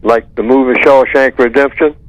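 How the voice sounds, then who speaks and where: A man's voice: medium pitch, steady tone, moderate pace, no room sound. A man speaking as a guest on a talk radio show, emphatic and repeating his points with rhetorical questions. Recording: dull lo-fi line, dry.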